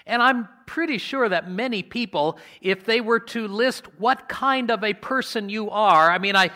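A man preaching a sermon in a conversational way, asking his congregation questions and slowing down to stress key words. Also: high-pitched, bright, forceful tone. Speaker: pastor.

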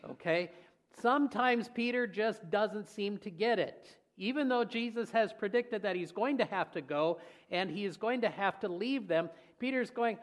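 A man preaching a sermon in a folksy, humorous, lively storytelling way. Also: sits high, measured pace. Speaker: pastor.

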